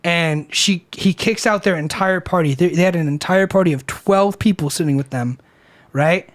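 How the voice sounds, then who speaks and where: High-voiced young guy telling a bar story. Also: normal speed. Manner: animated, profane, filler-heavy retelling. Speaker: podcast co-host. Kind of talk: casual storytelling over beers.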